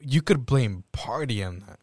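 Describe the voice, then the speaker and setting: A man's voice: mid-range voice, lively intonation, moderate pace, a little mellow, no room sound, clean studio sound. A man co-hosting a casual music chat, blunt and cursing freely. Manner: blunt, swears a lot. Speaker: podcast co-host.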